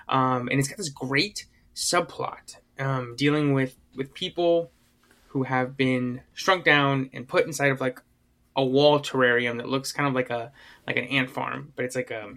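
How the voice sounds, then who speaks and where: A male podcast co-host talks through a casual chat at his own loose pace. His voice sounds bright and forward. He rambles, circling back with fillers and restarted sentences. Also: medium pitch.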